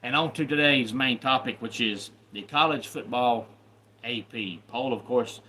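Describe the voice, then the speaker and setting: A man's voice: medium pitch, a little slow, bright, forceful tone, slight background noise. A man hosting a live stream, greeting viewers by name in loose, chatty talk. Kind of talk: casual live stream chat.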